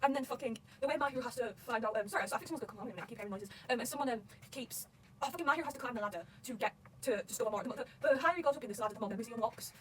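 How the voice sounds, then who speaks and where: A woman talking loudly and excitedly about a manga, swearing constantly in casual fan commentary. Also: on the high side, rapid-fire, far from the mic, a little hiss or hum. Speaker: manga reaction vlogger.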